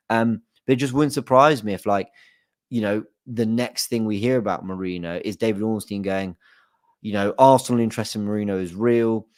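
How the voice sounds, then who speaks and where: A young man hosts a football fan show in a low voice, chatting loosely and filling pauses with ums and you-knows. The sound is dry and close, with no room echo. He hedges often and talks straight to his viewers. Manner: chatty, hedging, many fillers. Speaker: football fan channel host. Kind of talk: casual chat to camera.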